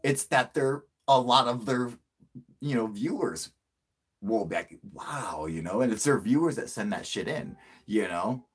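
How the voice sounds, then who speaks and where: Man hosting his own stream: husky voice, pitch swinging wildly, crude and excitable. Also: measured pace. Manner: profane, excitable storyteller who laughs often. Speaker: channel host. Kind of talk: casual livestream chat.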